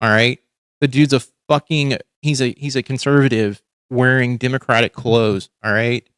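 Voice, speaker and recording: A man's voice: mid-range voice, steady tone, normal speed, a bit bright, clear, resonant tone, dry recording, clean studio sound. A man hosting a livestream, ranting in casual commentary with heavy swearing and frequent restarts. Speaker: livestream host.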